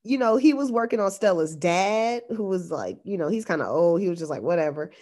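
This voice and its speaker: A woman's voice: mid-range voice, sing-song, brisk, darkish tone. A woman co-hosting a casual chat, talking loosely with lots of filler words as she recaps a story. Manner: chatty, lots of "like" and "yep" fillers.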